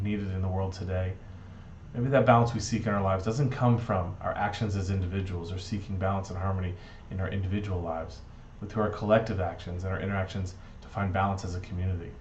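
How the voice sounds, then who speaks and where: A man tells a parable with playful, earnest warmth in a lowish voice. His voice carries a roomy echo, the sound is a little dull, and there is faint noise beneath it. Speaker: speaker giving a Shabbat reflection. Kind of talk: storytelling reflection. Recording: dull echoey room recording.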